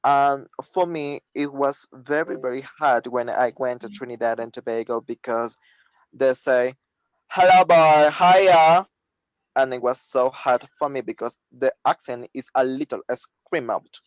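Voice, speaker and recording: A man whose first language is Spanish, talking in a halting way with many fillers in a casual online discussion during a webinar. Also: medium pitch, fairly even intonation, no echo, poor audio. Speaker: webinar participant. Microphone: video call.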